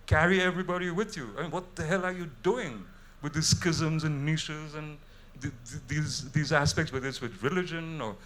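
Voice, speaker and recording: A man's voice: fairly high pitch, normal speed, a bit bright, a little hiss or hum. Fiery middle-aged Indian English man on stage. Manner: fiery, rhetorical, gets worked up. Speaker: panelist. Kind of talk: impassioned panel talk. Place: festival stage before an audience. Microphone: handheld microphone.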